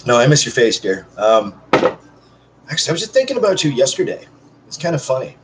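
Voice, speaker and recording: Filming at home in one unedited take, a man rambles to his viewers, cracking jokes and poking fun at himself. He sounds very animated and brisk in a mid-range voice, with background noise present.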